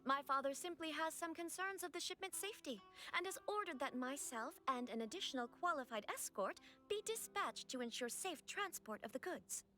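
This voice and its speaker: A woman's voice: high voice, expressive, fairly quick, hardly any pauses, sharp tone, soft background music. An actress voicing a haughty young noblewoman in a game cutscene, formal and imperious.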